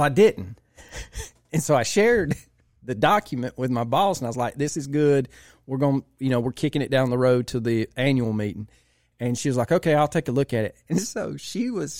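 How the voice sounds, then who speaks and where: A man's voice: mid-range voice, darkish tone, no room sound, clean studio sound. A man telling a long work story in casual podcast chat, animatedly mimicking the people in it. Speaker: podcast co-host.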